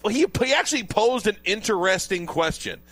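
A man's voice: sits high, animated, a little fast, fairly bright tone, no room sound. A man hosting a sports radio show, chatting casually and laughing often.

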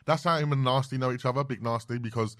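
Fast-talking man, dry sound. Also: mid-range voice, dry recording. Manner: animated, heavy slang, quick interjections. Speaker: podcast guest. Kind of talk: casual chat.

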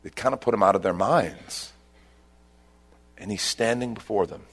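A male pastor preaching a sermon, telling a scripture story with loud bursts and hushed asides. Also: on the low side, normal speed, breathy edge. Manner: animated storytelling, swings between loud bursts and hushed lines.

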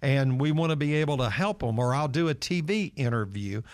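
A man's voice: mid-range voice, animated, a little fast, no room sound. A man telling stories earnestly, with lots of fillers, as a guest in an interview. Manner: earnest storytelling with many fillers. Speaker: nonprofit leader. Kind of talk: interview answer.

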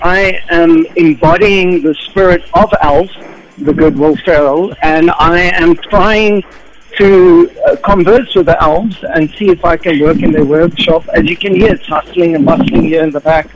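A man's voice: fairly high pitch, fairly even intonation, moderate pace, muffled recording. A South African man, a regular on a radio show, talking in an exuberant, jokey way and reciting a poem.

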